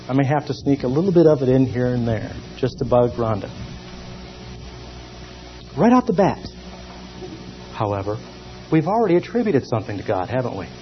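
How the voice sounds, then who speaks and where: A man teaching a theology class in a lively, emphatic lecture style, pausing often. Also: medium pitch, a little hiss or hum. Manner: lively and emphatic, with many pauses. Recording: dull lo-fi recording.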